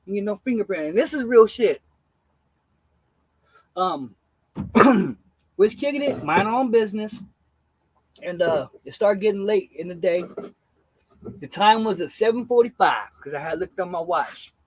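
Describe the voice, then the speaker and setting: A man streaming, telling a rough anecdote in a casual, profane, slangy way and acting out what people said. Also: high voice, animated, unhurried, pauses often, no echo, poor audio. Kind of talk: casual storytelling.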